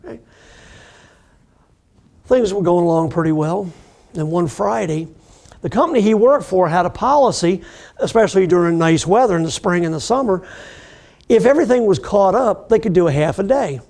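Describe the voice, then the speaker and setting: A middle-aged man with a high voice and a gravelly, rough edge runs an addiction recovery lesson. He tells it as an easygoing story and acts out the people he talks about. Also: expressive, normal speed, long pauses, a little mellow. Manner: conversational, acts out the people in his stories. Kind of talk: storytelling lecture.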